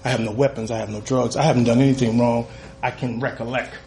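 A man telling a comic, profane story live on stage, with an animated delivery and cheeky asides. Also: medium pitch, quick pace, echoey room, very noisy. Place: stage in a venue.

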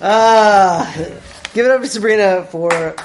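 A man hosting a live storytelling show, halting and fumbling his words, with lots of fillers. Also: high voice, over a noisy crowd. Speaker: host. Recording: echoey live venue with loud noise.

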